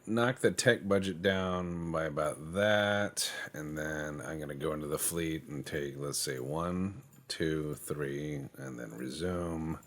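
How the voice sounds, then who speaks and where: Deep-voiced joking gaming host. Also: male voice, gravelly, fairly bright tone. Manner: joking, sweary, self-mocking; slips into quick silly voices for other countries. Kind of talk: casual let's-play commentary.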